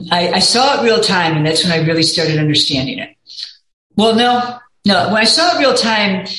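A woman's voice: fairly low pitch, fairly bright tone. Middle-aged woman guest, candid and rambling, recorded in a roomy echo. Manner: rambling, candid, peppered with 'you know'. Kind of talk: casual interview chat. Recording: echoey room.

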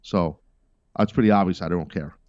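A man's voice: sits low, normal speed, a little mellow, no room sound, lo-fi sound. A middle-aged man hosting a podcast, giving blunt, emphatic wrestling commentary with profane, sarcastic asides. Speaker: podcast host.

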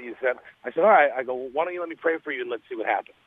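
A man, a radio interview guest, telling a story in an earnest, animated way over a phone line. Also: medium pitch, quick pace, husky, no room sound.

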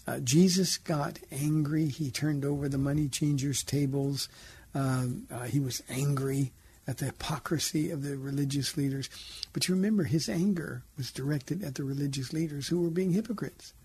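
A man's voice: mid-range voice, normal speed, darkish tone, husky. A man who is a pastor hosts a radio call-in show, answering listener questions in an earnest, conversational preaching manner from a studio.

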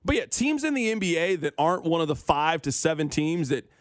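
A young man hosting sports talk radio, slightly higher-pitched than most men. He banters, whines playfully and mocks himself. The voice is dry and close, on a studio microphone. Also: brisk, no room sound. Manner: animated, self-mocking, whiny complaints.

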